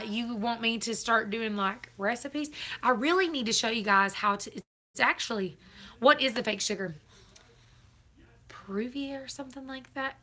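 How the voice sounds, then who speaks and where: A woman's voice: fairly high pitch, pushed and bright. Chatty woman on a live stream. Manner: chatty, laughs often, Southern turns of phrase. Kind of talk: casual live-stream chat.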